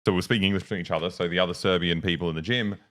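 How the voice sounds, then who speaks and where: A man's voice: low voice, fairly even intonation, very fast, fairly bright tone. A young Australian man co-hosting a casual podcast chat, swearing freely and laughing often. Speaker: co-host.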